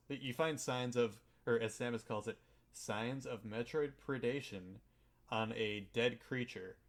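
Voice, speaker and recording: A man's voice: medium pitch, fairly bright tone. Rambling, irreverent man podcast host. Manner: rambling and irreverent, with frequent swearing and filler words. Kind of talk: casual chat recapping a video game.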